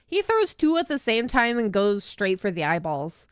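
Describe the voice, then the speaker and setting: A woman's voice: mid-range voice, big pitch swings, normal speed, smooth, dry recording, studio quality. A woman VTuber chatting casually and giggling while playing through a story game and reading its dialogue aloud. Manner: chatty, giggly, self-mocking. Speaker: VTuber streamer. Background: loud game music.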